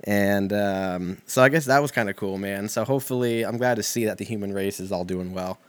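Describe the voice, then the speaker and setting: A man's voice: lowish voice, brisk. A young man talking in a rambling, profane, laid-back comedic monologue full of fillers.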